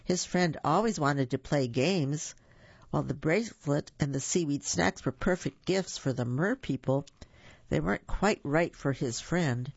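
A storyteller reading a children's picture book aloud with animated warmth, stumbling over a word now and then. The voice carries a gravelly texture. The sound is dry and somewhat dull. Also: medium pitch, measured pace, no room sound. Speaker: storybook reader.

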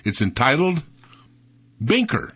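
A man's voice: mid-range voice, sing-song, slow, a bit bright, breathy edge. A man introducing the next poem in a plain spoken way. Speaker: presenter. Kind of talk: introducing a reading. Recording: dull muffled recording.

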